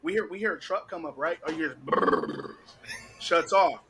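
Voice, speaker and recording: Animated young man telling a story. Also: on the high side, normal speed, a crowd in the background, rough recording. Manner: animated, laughing, heavy cursing, acts out quotes. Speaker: podcast host. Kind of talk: casual storytelling.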